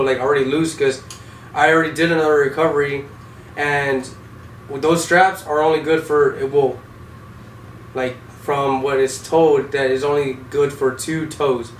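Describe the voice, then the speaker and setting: A man's voice: mid-range voice, fairly even intonation, moderate pace. A young man, an Army vehicle driver, telling war stories casually with heavy swearing, in an echoey room. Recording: echoey room, distant mic, faint noise.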